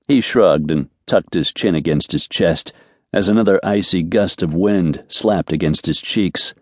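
In a deep voice, a man reads a scripted audiobook at an even, measured storytelling pace. The studio-quality recording has no room sound.

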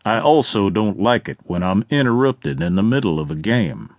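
A man voicing a cocky, smirking male outlaw gambler in a western audiobook, speaking in a low drawl. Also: expressive, moderate pace, dry recording. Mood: smug taunting.

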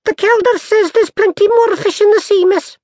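A man voicing a tiny, fierce male pixie chieftain with a Scottish accent, gruff and blustering, in an audiobook. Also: extremely high pitch, steady tone, normal speed, darkish tone, no room sound, studio quality, pitched above the performer's own voice. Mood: earnest. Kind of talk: audiobook character voice.

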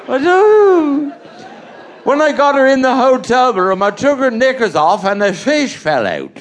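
A man with a Cornish accent telling bawdy, rambling stand-up stories and chuckling at his own jokes. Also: very high-pitched. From Cornwall. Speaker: stand-up comedian. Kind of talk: live stand-up storytelling.

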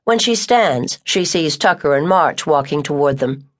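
A woman with a somewhat low voice reads a novel aloud. Her narration is even and measured, a steady storyteller's delivery. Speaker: audiobook narrator. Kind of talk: scripted narration.

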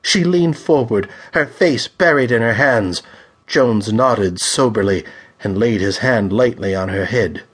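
A man narrating a pulp thriller audiobook in a measured, dramatic reading style. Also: lowish voice, breathy edge.

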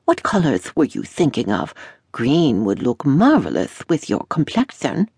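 A woman's voice: rumbling low, huge pitch swings, a little slow, a little mellow, breathy edge, no echo, clean studio sound, exaggerated voice. A woman voicing a fussy, flamboyant middle-aged male dressmaker in an audiobook, with a theatrical, gushing manner.

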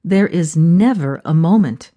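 A woman narrating a reflective audiobook in measured storytelling. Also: on the low side, animated, mellow.

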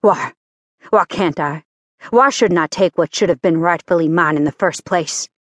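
Woman voicing a low, curt hard-edged man. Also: moderate pace, a bit bright, no echo, clean studio sound, natural voice. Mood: cold. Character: stern, cold-edged man, forceful and guarded.

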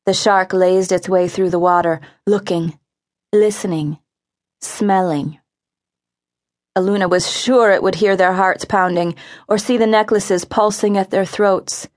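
A woman narrating a young-adult adventure audiobook, vivid and expressive in her reading. Her voice sits at an ordinary middle pitch. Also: unhurried. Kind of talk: scripted narration.

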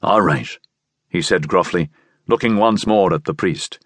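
A man narrating an audiobook novel with expressive storytelling. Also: low-pitched, moderate pace, no echo, clean studio sound.

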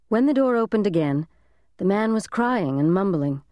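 A woman narrating a thriller audiobook in a measured, suspenseful reading, close to the microphone. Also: medium pitch, expressive, warm tone, no echo. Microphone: close studio mic.

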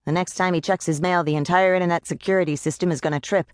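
A woman voicing a tiny, cocky male pixie sidekick in an audiobook, quick and clipped. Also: on the low side, steady tone, a little mellow, no echo, studio quality, natural voice. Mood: brash.

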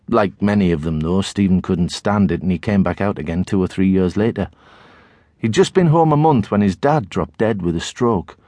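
A middle-aged man with a Tyneside accent narrating a children's novel in the first person, expressive storytelling. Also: on the low side, dry recording, studio quality. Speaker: audiobook narrator.

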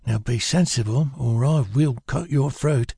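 A man voicing a small, rat-faced male mugger who mocks and threatens his victim, raised well above his own pitch with a thinner, altered tone. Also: unhurried, creaky, dark tone, breathy edge, dry recording, studio quality. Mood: sneering menace. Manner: mocking, threatening.

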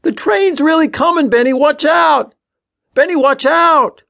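A man voicing a frightened young boy who yells frantically in a shrill voice. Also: a little slow, gravelly, dry recording, studio quality, full character voice. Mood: panicked screaming.

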